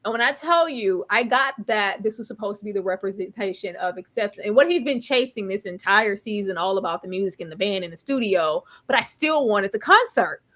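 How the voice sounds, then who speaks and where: A woman hosting a TV recap chat, talking in an animated, emphatic way with bursts of exasperated exclamation. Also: medium pitch, fairly quick, hardly any pauses. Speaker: TV recap podcast host. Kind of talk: casual chat.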